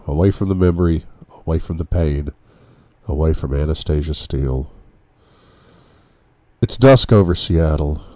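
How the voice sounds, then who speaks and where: A man narrating an audiobook in the first person, with a brooding, measured reading. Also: low voice, dark tone, dry recording.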